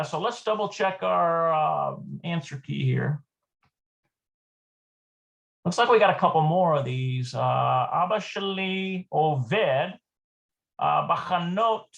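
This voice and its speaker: A man teaching a casual language lesson, thinking aloud and slowly repeating words as he works through exercises. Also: on the high side, creaky, fairly bright tone.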